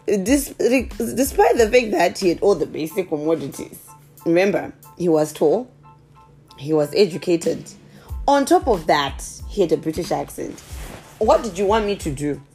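A woman telling viewers a personal story in a casual, chatty, animated way. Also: fairly low pitch, normal speed, soft background music. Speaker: vlogger.

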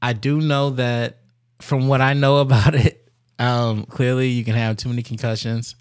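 A young male co-host in an easy podcast conversation. He is blunt and profane, and he keeps reasoning out loud as he makes his case. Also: mid-range voice, normal speed, clear, resonant tone. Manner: candid, profane, animated. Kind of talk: casual chat.

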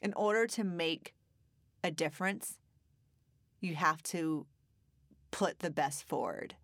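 A woman's voice: deep voice, takes it slowly, a bit bright, no echo, studio quality. A woman co-hosting a podcast, telling a long story in a chatty, laughing way. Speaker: podcast co-host. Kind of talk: casual chat.

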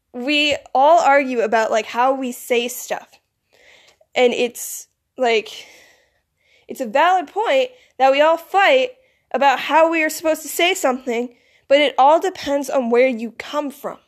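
A woman's voice: high-pitched, a little slow. Rambling groggy woman with a Michigan accent. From United States. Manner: rambling, full of "like" and "you know". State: groggy, recently woken. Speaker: vlogger. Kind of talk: casual rambling monologue.

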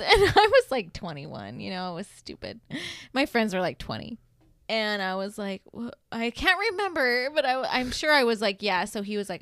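A woman's voice: mid-range voice, very animated, moderate pace, a bit bright, no room sound, clean studio sound. Wry woman in a casual chat. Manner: wry, teasing, laughs often.

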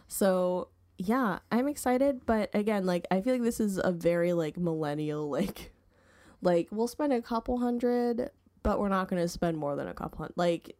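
A woman's voice: lowish voice, darkish tone. A woman in her twenties, co-hosting a podcast in casual chat, filling her talk with "like" and laughing often. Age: 20s. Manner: chatty, fills speech with "like", laughs often. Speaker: podcast co-host.

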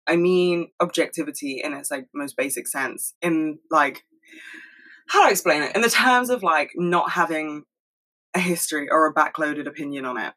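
A woman talking fast and candidly to her camera at home, swearing freely in a casual solo monologue. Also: lowish voice, fairly bright tone, poor audio. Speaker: solo video host.

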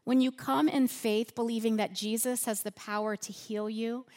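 A woman preaching a sermon in a church, slow and earnest, softening her voice on repeated phrases. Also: on the high side, steady tone.

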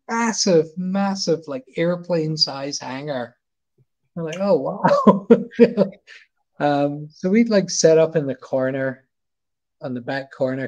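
A middle-aged Scottish man, a photographer appearing as a guest, tells a long anecdote in a loose, chatty way at a medium pitch. He rambles, stumbling, repeating words and circling back to restart often as the casual story unfolds.

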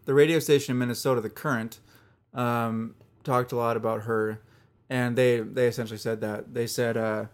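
A man co-hosting a casual music chat, easygoing and quick to chime in. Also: mid-range voice, flat delivery, clean tone. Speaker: podcast co-host.

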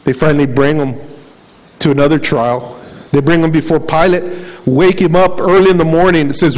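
A man's voice: on the high side, moderate pace, rough recording. A male pastor preaching a sermon, retelling a story dramatically, acting out the characters' words and asking the congregation questions. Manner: dramatic retelling with quoted voices.

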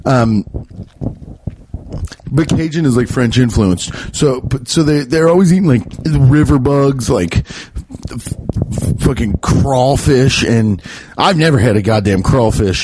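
A man's voice: medium pitch, lively intonation, measured pace, noisy background. Rambling, profane man doing a comic rant. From US Midwest. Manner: rambling, profane, laughing at his own jokes. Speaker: podcast host. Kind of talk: solo comedic rant. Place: at home by a window.

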